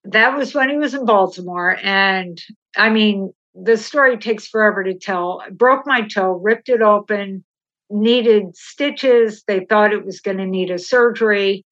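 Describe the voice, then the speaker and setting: A middle-aged woman, a podcast guest, telling candid personal stories in an animated way and acting out the dialogue. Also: mid-range voice, measured pace. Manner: animated, acts out quoted dialogue, laughs while telling. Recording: slightly dull, lo-fi sound.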